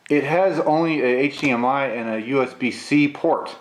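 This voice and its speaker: A man getting over a cold, with a gravelly voice, chatting casually through a camera unboxing and review, with lots of filler "uh"s. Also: mid-range voice, measured pace. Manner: relaxed, chatty, many filler "uh"s.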